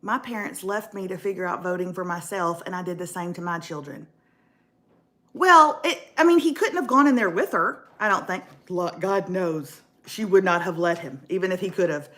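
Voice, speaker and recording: A middle-aged woman hosting a casual chat show, animated and jokey, calling her viewers y'all. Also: on the low side, moderate pace. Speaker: host.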